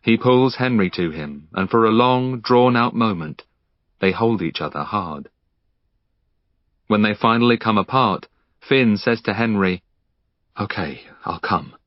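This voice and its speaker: A man narrates an audiobook, voicing its dialogue with feeling. His pitch rises and falls widely. The recording is dry and a little dull. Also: measured pace, no echo. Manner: expressive, emotional character reading. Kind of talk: scripted narration with acted dialogue.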